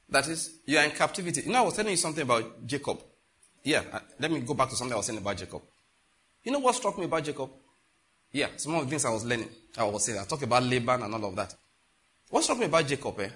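Here a man in the pulpit hammers home his message, tossing rhetorical questions at the congregation while his delivery rises and sinks in pitch and volume.

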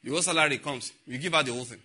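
A man's voice: mid-range voice, rapid-fire, pushed and bright, slightly rough. A man preaching a sermon, telling stories and acting out the dialogue. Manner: storytelling, acting out dialogue, frequent laughter.

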